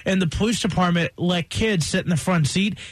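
High-voiced male radio co-host. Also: fairly quick, no echo. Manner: relaxed storytelling with fillers. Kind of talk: casual morning radio chat.

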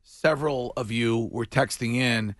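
A man's voice: medium pitch, unhurried, a bit bright, dry recording, clean studio sound. A man hosting a morning radio show, chatting casually and jokily with lots of restarts. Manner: chatty, jokey, trailing fillers and restarts. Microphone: studio microphone.

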